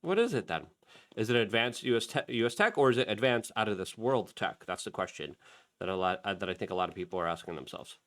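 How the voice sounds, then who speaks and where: Middle-aged guy host ranting about a clip, lowish voice, gets loud and heated. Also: animated, fast talker. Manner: heated, rising to loud emphatic bursts. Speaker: show host. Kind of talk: commentary on a played clip.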